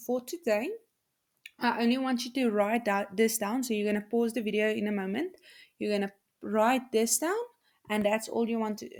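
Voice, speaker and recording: A woman, a teacher explaining step by step in a recorded video lesson, patiently repeating numbers slowly for her students. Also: mid-range voice.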